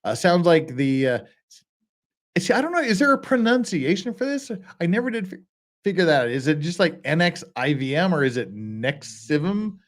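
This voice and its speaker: A man's voice: high-pitched, sing-song, brisk. A man hosting a casual live stream, rambling and joking with many restarts and asides. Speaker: streamer host. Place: lives in Korea.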